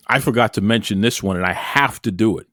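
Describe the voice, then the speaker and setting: A man co-hosting a podcast, retelling film scenes with animated, restart-heavy storytelling. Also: lowish voice, fast talker, dry recording, studio quality. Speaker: podcast co-host. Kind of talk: casual podcast chat.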